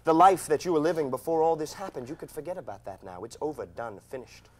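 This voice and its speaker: A man's voice: fairly high pitch, sing-song. An actor playing a slick, smarmy male lawyer who talks glibly and condescendingly. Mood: grave. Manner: glib, condescending, fast-talking. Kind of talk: stage drama acting.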